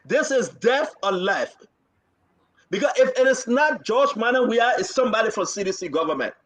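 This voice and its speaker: Animated man hosting political talk. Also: very high-pitched, normal speed. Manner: emphatic, repeats phrases, reads quotes aloud. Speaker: host of a live talk show. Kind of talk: live political commentary.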